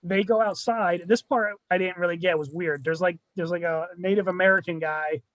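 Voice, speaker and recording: A man's voice: sits high, steady tone, brisk, fairly bright tone, no echo. A man co-hosting a podcast, casually retelling a film's plot in a rambling way and acting out its lines. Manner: rambling storyteller, acts out lines with a laugh. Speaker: podcast co-host recapping a movie. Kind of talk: casual chat.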